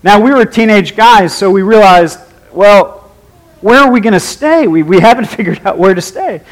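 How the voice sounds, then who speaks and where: A man's voice: high voice, expressive, moderate pace, poor audio. A man preaching a sermon, leading a prayer and telling personal stories in a wry, humorous, conversational way.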